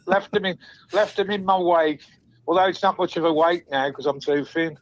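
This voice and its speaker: Sweary caller on a dull phone line. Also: male voice, a little high, fairly even intonation, normal speed, a little hiss or hum. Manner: swears freely, laughs often. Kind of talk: phone-in chat.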